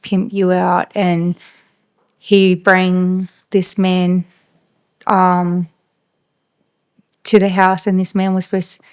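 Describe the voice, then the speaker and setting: Aussie woman on a podcast, flat monotone, lots of um and like. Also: on the low side, clean tone. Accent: Australian. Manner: flat, halting retelling with many fillers. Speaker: podcast guest. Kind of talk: casual storytelling.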